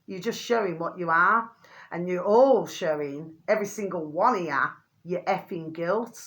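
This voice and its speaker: A woman's voice: moderate pace, a bit bright. Rambling woman vlogging to viewers. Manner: rambling, keeps calling viewers "my delicious little babies"; mild euphemistic swearing, pitch climbs when indignant. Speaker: channel host. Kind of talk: rambling vlog monologue to viewers.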